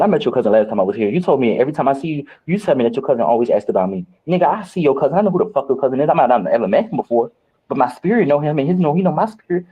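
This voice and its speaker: Man, husky voice, fast talker, animated profane storytelling, candid casual chat. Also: a little high, muffled recording. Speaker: reality show cast member.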